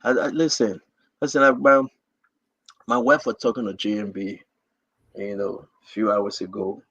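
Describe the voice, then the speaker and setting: A man's voice: lowish voice, flat delivery, moderate pace, vocal fry, a bit bright, breathy edge, dry recording, dull audio. A man with a Liberian accent hosting a livestream, giving an impassioned political address to his online viewers with rousing, repetitive rallying cries. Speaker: livestream host.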